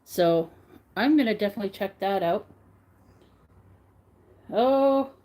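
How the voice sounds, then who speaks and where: A middle-aged woman hosts a relaxed livestream and chats with her viewers. She talks slowly and easily and greets people by name as their messages come in. Her voice sits at an ordinary middle pitch. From Canada. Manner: chatty, greeting viewers by name while reading the chat. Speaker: crochet livestream host. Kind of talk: casual livestream chat.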